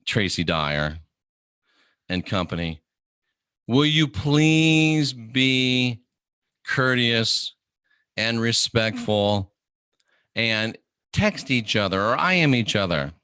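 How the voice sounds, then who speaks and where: A middle-aged man hosting a livestream, delivering an animated, preachy monologue and mimicking the people he quotes. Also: lowish voice, takes it slowly, pauses often, clear, resonant tone, dry recording, clean studio sound. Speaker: host of an online channel.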